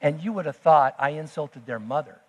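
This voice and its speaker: A man preaching a sermon as pastor, emphatic, swinging between loud declarations and hushed asides. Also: a little high, a little fast, breathy edge. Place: church sanctuary. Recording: long church hall reverb.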